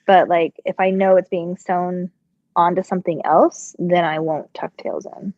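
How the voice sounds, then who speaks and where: Unhurried and lowish, with little pitch movement, a middle-aged woman runs a casual sewing live stream, chatting and rambling while she works and answering viewers' questions. She sounds slightly congested, and her dry, dull mic has no echo.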